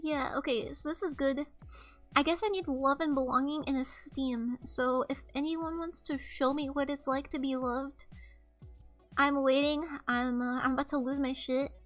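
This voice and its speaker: A woman's voice: high-pitched, fairly even intonation, normal speed, fairly bright tone, faint music behind. A young woman streaming live, chatting casually and reading chat messages aloud in a playful, self-mocking way.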